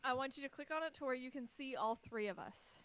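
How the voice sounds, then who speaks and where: A woman's voice: high voice, fast, fairly bright tone, clean tone, low-quality recording. A woman guest on a podcast, patiently walking the host through stream setup in casual chat. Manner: patient, step-by-step instructing. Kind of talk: casual chat giving tech instructions.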